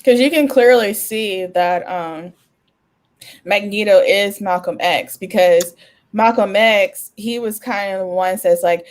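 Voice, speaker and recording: A woman's voice: medium pitch, unhurried. A young woman co-hosting a podcast, chatting casually with restarts and frequent laughter. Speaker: podcast co-host.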